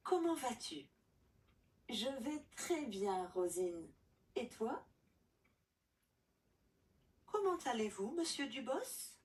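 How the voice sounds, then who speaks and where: A woman playing a polite speaker in a scripted language-course dialogue, enunciating slowly and carefully. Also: a little high, sing-song, a little mellow. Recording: audio played from a distance.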